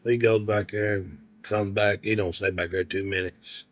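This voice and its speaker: A man's voice: on the low side, fairly even intonation, moderate pace, dull audio. A man, a friend telling a dry, plain-spoken road story in an interview.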